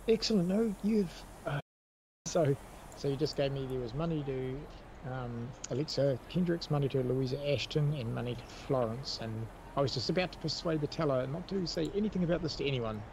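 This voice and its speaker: A man's voice: medium pitch, fairly quick. A man at a tabletop game, playing his character with a formal, officious air. His voice sits mid-range, and faint hiss runs under the recording. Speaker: tabletop player. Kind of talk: in-character role-play.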